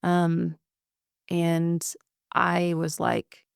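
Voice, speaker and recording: A woman in her thirties, a podcast guest, telling a painful personal story in a soft-spoken way with many ums and likes. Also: lowish voice, monotone, drawn-out words, vocal fry, smooth, no echo, studio quality. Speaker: podcast guest, widow of a detective.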